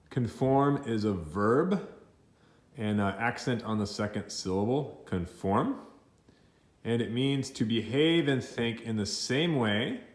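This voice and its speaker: A man's voice: on the low side, a little mellow. Man teaching, voice echoing in a room. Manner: explains slowly with many fillers and restarts, mixing in Spanish words. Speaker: English teacher. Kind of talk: recorded vocabulary lesson.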